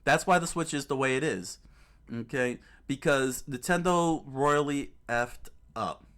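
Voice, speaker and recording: Browsing clips on his gaming channel, this male host talks in a mid-range, fairly bright voice that's clear and resonant, at a measured pace. His casual chat is emphatic, full of repetition, fillers, and frequent restarts.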